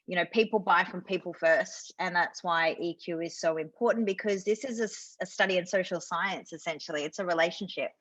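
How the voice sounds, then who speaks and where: A woman's voice: on the low side, a bit bright, no room sound. A British woman, a sales coach, explaining ideas in an enthusiastic webinar conversation over a video call. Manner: enthusiastic, explanatory, quick asides. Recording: dull lo-fi video call audio.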